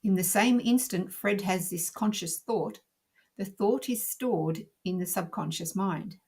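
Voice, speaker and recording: Woman narrator for an instructional lesson: lower register, a little husky, calm and measured. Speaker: teacher. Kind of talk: scripted narration.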